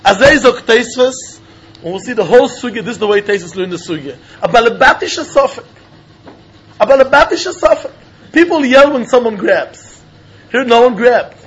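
High-pitched guy, sing-song talmud lecture, lots of laughing, kinda husky. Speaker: Talmud teacher. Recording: dull lo-fi recording.

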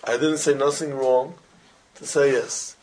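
A man teaching an informal religious class, telling animated everyday stories in simple, broken English with Hebrew and Yiddish terms mixed in. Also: medium pitch, measured pace, slight background noise. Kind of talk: informal Torah talk with stories.

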